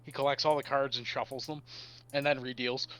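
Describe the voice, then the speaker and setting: Deadpan game master, bright voice. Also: male voice, mid-range voice, fairly quick, clean tone. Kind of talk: narrating a tabletop game.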